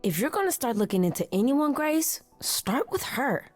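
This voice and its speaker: An actress playing a composed female attendant of a goddess in a video game, speaking in a measured, gracious way. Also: sits high, big pitch swings, darkish tone. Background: faint game music.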